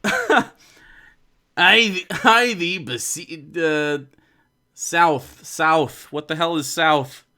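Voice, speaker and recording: Giggly man streaming, high and lively. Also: very slow. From US Midwest. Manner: giggly, self-mocking. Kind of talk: casual chat.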